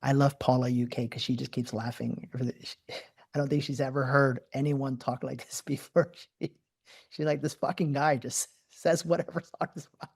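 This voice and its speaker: Animated man leading a live spiritual talk. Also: mid-range voice, moderate pace, gravelly, breathy edge. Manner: animated, profane, repeats words in bursts. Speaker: host.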